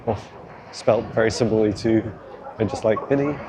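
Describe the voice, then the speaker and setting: A man's voice: lowish voice, a little fast, background noise. A man rambling casually while walking outdoors through city streets, filming on a handheld phone, chatty and laughing often. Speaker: vlog host. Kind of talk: walking tour vlog.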